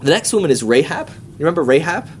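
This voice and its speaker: A man leading a Bible study class in a casual, chatty way, full of comic asides and quick acted-out quotes. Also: fairly high pitch, very animated, slight background noise.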